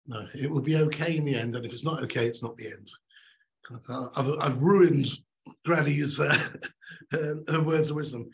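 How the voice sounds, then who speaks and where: A middle-aged man giving a motivational talk on stage, emphatic and animated, repeating his key lines. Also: fairly high pitch, normal speed, low-quality recording. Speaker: keynote speaker.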